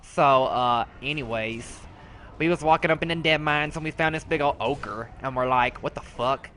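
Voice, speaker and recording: A man's voice: mid-range voice, moderate pace, bright, forceful tone, slight background noise, lightly acted. A man voicing a sassy, foul-mouthed rogue character, telling a brash, slangy, profane story as comedic commentary.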